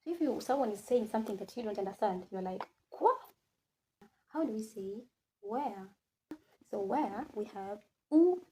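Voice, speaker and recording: A woman teaching French in a classroom, slowly repeating each word again and again and switching between English and French. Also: medium pitch, expressive, warm tone, a little hiss or hum. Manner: slow, repeats words many times, mixes English and French. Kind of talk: classroom lesson.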